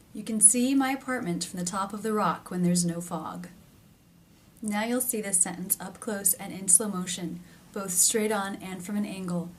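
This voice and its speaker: With slight background noise behind her, a pronunciation teacher reads a scripted lesson in a medium-pitched voice. She speaks carefully and demonstrates each sound.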